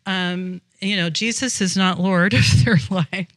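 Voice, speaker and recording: A woman's voice: fairly low pitch, a little slow, no room sound. A woman guest on a faith podcast, talking earnestly in a rambling way, with many fillers. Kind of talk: casual faith conversation.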